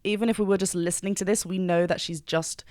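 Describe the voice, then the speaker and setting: A woman's voice: lowish voice, fairly even intonation, fast, darkish tone, dry recording. Enthusiastic woman vocal coach, dry sound. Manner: enthusiastic, technical, sings short examples. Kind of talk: reaction and analysis commentary.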